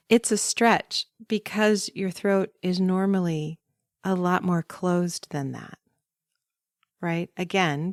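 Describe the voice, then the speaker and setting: A woman voice coach explaining breathing in a calm, instructive podcast monologue. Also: on the low side, dry recording, clean studio sound.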